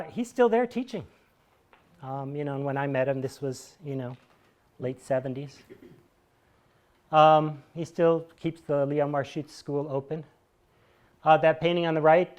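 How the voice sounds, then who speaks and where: An American man in his fifties talks to a small theater audience in a rambling, storytelling monologue. His voice sits a bit higher than most men's. He drifts into wry asides and dry chuckles as he goes. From United States. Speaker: solo performer speaking to an audience.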